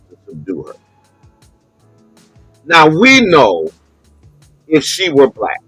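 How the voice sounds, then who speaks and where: A man's voice: medium pitch, fairly bright tone, breathy edge, no room sound, poor audio. A man, a bishop hosting a live call-in show, speaking with emphatic passion and repeating words for stress. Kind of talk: impassioned live call-in commentary.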